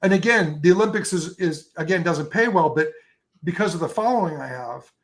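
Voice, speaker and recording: A man in a relaxed interview, rambling happily through his stories with plenty of ums and restarts. His voice sits on the higher side for a man. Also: a little fast. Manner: enthusiastic, rambling storyteller with many fillers. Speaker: photographer guest. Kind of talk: casual interview chat.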